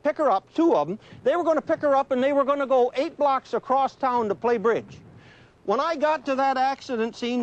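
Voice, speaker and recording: A middle-aged former trooper lectures a class in a folksy, down-to-earth way, sketching scenes as he tells his stories. His voice sits unusually high for a man. The sound is dull and lo-fi, like early 1980s film audio. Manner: folksy, conversational, draws pictures while telling stories. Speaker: retired police trooper giving a safety talk. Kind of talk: folksy storytelling lecture to students.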